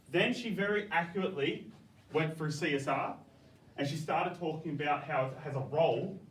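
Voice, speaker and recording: A male teacher, giving classroom feedback in a coaxing, brisk way, often checking "okay?". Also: a little high. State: out of breath. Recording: echoey classroom, from far off, faint background noise.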